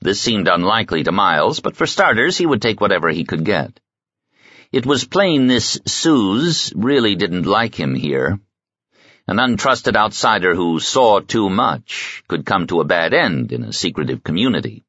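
Deep voiced guy reading an audiobook, lots of up and down in his voice, kinda muffled. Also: very animated, moderate pace, fairly bright tone, breathy edge, no room sound. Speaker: audiobook narrator. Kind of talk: scripted audiobook narration. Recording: slightly muffled dry audiobook recording.

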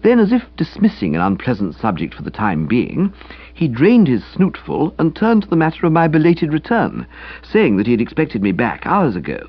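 A husky-voiced man narrating a comic novel in the first person, wry and dry in his delivery. His pitch ranges very widely as he tells the story. The recording is dull and lo-fi. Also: wildly swooping pitch, normal speed. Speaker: audiobook narrator.

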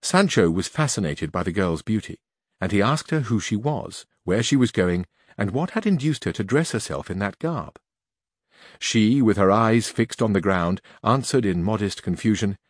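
An audiobook narrator reads a classic novel aloud in scripted narration, his storytelling measured and even. His voice is lowish, and the studio-quality recording has no room sound.

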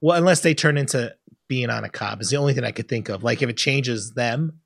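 A man co-hosting a podcast in a casual chat, animated, often laughing and acting out scenes in loud high bursts. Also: a little fast, gravelly, dry recording, clean studio sound. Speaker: podcast co-host.

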